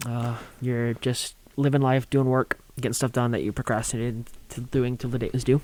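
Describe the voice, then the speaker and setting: A man's voice: mid-range voice, little pitch movement, normal speed, darkish tone. A young man telling a rambling, funny story on a college radio show, acting out quotes and laughing along.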